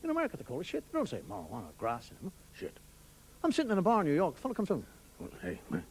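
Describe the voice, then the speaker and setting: A man telling stand-up comedy, wry storytelling that slips into quick put-on voices for the people he quotes. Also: high voice, huge pitch swings. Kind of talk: stand-up monologue. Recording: TV studio with audience laughter and noise. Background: audience laughing.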